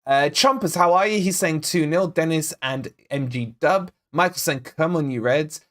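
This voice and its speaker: Scottish-born guy hosting a football watch-along stream, chatty and excitable, reading out chat, slightly high voice. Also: normal speed. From Scotland. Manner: chatty, reads out chat names and predictions, excitable. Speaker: fan channel host.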